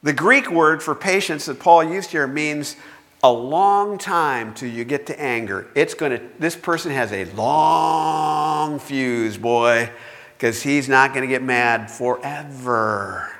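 Bright-voiced preacher in a reverberant hall. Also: male voice, medium pitch, a little slow. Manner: storytelling with self-mocking humor. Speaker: pastor. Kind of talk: sermon. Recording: long reverb of a large hall.

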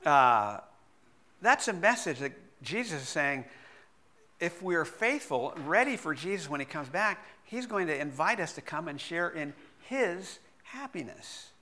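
A middle-aged man, a pastor, preaching a sermon and telling a personal story in a lively way, laughing often. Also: on the high side, a little slow.

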